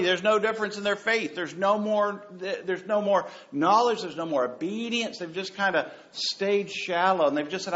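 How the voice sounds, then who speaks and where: Animated preacher man, lively pitch. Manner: animated, joking preacher with repeated phrases. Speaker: pastor. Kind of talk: sermon. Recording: dull lo-fi sound.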